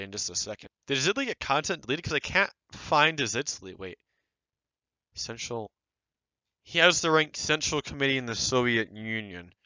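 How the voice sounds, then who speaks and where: A young man giving rambling, sarcastic commentary on online game groups, getting animated as he mocks them. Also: medium pitch, clear, resonant tone, dry recording, low-quality recording. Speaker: video creator reviewing online game groups. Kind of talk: casual screen-recorded commentary.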